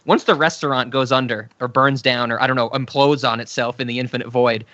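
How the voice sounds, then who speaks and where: Bright, laughing male podcast host. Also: medium pitch, steady tone, a little fast, no echo, dull audio. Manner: laughing, joking, rambling. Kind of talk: casual chat.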